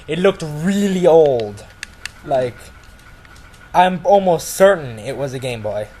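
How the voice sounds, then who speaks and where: A man's voice: fairly high pitch, expressive, takes it slowly, warm tone, slight background noise, low-quality recording. A man casually telling a story to friends, rambling with lots of "like" and restarts.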